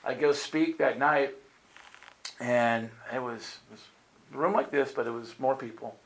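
A male preacher tells a long story to a gathered crowd, switching into character voices as he goes. His voice sits at an ordinary middle pitch. The hall around him is roomy and echoing. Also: a little slow, a little hiss or hum. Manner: animated storyteller acting out voices. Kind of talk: storytelling sermon. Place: meeting room with audience.

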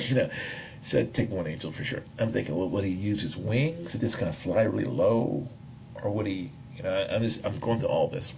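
A man's voice: fairly low pitch, creaky, a little mellow. A man preaching, telling a rambling personal story, often searching for words and chuckling. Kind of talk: sermon storytelling. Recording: dull lo-fi recording with faint noise.

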